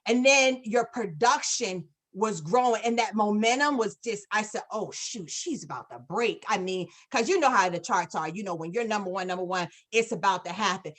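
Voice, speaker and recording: A woman talks over a video call in a casual, effusive way, piling on praise and quoting herself as she goes. Her voice sits at an ordinary middle pitch. She tells stories with lots of fillers and restarts. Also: normal speed, hardly any pauses. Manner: effusive, animated storytelling with many fillers. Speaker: guest speaker on a business call.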